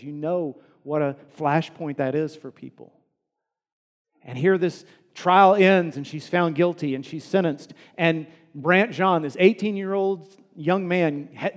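A male pastor delivering a sermon in an earnest voice that sits a little high for a man. He swings from emphatic, ringing peaks to quiet, hushed lines. A long hall reverb trails each phrase. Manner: earnest, rising to emphatic peaks then dropping soft.

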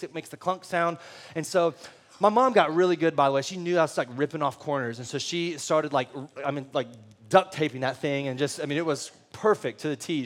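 A man's voice: fairly high pitch, a bit bright. A man, preaching a sermon and telling personal stories in a joking, conversational way to the congregation. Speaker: pastor.

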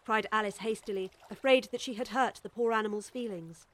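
A woman narrating a classic children's storybook in a gentle, expressive reading voice. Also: mid-range voice, a little fast.

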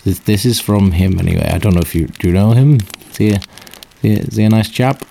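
A man's voice: fairly low pitch, fast, creaky, warm tone, a little hiss or hum. A man hosting, stammering and bemused as he pulls items from a bag.

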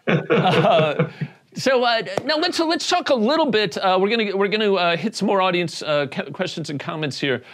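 A man hosting a comedic interview, jokey and halting, full of restarts and fillers. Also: high-pitched, expressive, a bit bright. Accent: Indiana. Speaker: comedian host.

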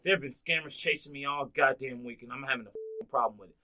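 A man hosting a casual podcast, telling an animated story and swearing freely. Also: mid-range voice, quick pace, a little hiss or hum, poor audio. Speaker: podcast host.

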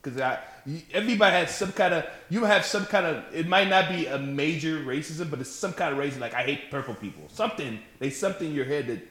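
A man in casual chat, blunt and profane, talking fast and animated. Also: on the high side, roomy sound.

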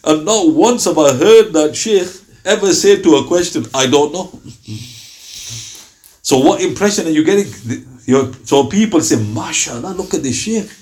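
A man's voice: a little high, lively intonation, moderate pace, darkish tone. A man giving a religious lecture on early Islamic scholars, telling stories with quoted dialogue. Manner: storytelling with acted-out quotes.

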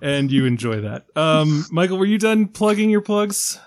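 A man's voice: a little high, big pitch swings, normal speed. A man hosting a film podcast in casual chat, joking and laughing often. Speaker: podcast host.

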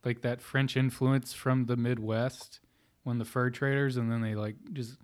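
A man's voice: mid-range voice, level tone, moderate pace. A man co-hosting a casual podcast chat, crude and jokey, with many "like" fillers. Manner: crude, joking, lots of "like" fillers. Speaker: podcast co-host.

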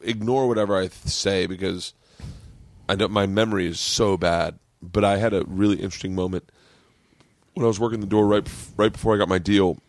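Guy hosting a podcast, lowish voice, rambly excitable storyteller, dry close mic. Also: fairly quick, no echo. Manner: rambling, excitable storyteller who laughs a lot. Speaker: podcast host. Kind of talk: casual chat.

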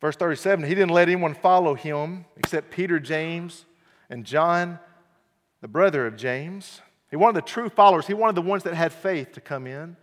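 A man preaching an earnest evening sermon, repeating key phrases and swinging from quiet to loud emphasis. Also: fairly high pitch, moderate pace. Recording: long hall reverb.

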